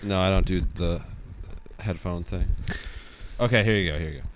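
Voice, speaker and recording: A man's voice: low-pitched, normal speed, slight background noise. Teasing young man in casual podcast chat. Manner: teasing, laughs a lot. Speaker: podcast co-host.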